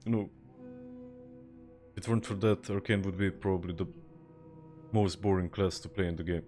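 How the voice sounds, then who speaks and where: A man's voice: deep voice, steady tone, moderate pace, mellow, faint music behind. A young man from Serbia with a Serbian accent, chatting casually on a game stream, laid-back and swearing, reading and answering viewer chat. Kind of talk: casual live-stream chat while gaming.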